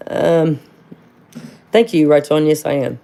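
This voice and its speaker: A woman's voice: deep voice, takes it slowly, gravelly, warm tone. A middle-aged woman, hosting a casual livestream, rambling and chatty, calling viewers honey and firing off rhetorical questions. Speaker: livestream host.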